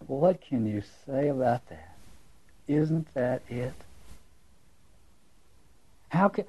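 Mellow, husky man lecturing emphatically. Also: medium pitch, expressive, slow pace, pauses often. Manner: emphatic, musing, repeats words and poses rhetorical questions. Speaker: lecturer on literature and religion.

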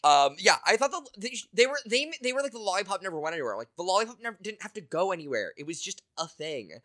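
A man chatting on a podcast with a bright, fairly high voice. He swings his pitch widely as he acts out quotes. His asides come quick. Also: big pitch swings. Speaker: podcast co-host. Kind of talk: casual chat.

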